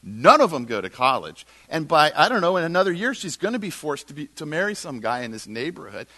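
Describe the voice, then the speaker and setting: Brief: middle-aged male pastor, lively sermon storyteller, very expressive melody, bright tone. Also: a little high, a little fast. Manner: animated storytelling, acting out dialogue.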